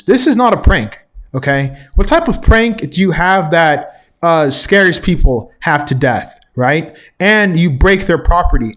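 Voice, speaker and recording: A man hosting a reaction commentary, ranting indignantly and correcting himself with quick chuckles. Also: fairly high pitch. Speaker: commentary host.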